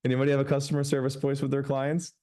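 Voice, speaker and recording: A man coaching a group over a video call, emphatic and slowing down to stress his points. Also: mid-range voice, monotone, mellow. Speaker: business coach.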